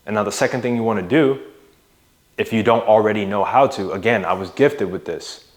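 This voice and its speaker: A young man with a slightly low voice gives motivational coaching straight to his audience. He talks casually and with energy, raising and dropping his voice to hit key words and tossing in "bro" and "right?". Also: brisk. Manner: emphatic, varies loudness and pitch for emphasis, casual with "bro" and "right?". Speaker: mindset and fitness coach. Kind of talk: motivational monologue to camera.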